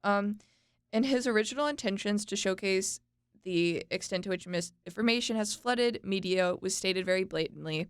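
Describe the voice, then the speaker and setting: A woman's voice: medium pitch, moderate pace, clean tone, dry recording, studio quality. A young woman co-hosting a podcast, chatting casually, laughing and tripping over names as she explains a topic. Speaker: podcast co-host.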